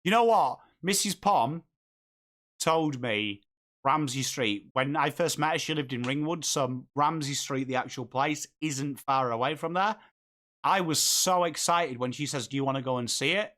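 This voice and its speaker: A man's voice: medium pitch, moderate pace, fairly bright tone. A man with an English accent hosting a live football watchalong, chatting casually with viewers and calling the play. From England. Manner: chatty, reads and answers viewer comments while calling the play. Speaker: host of a live footy watchalong. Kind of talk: casual live-stream chat with commentary.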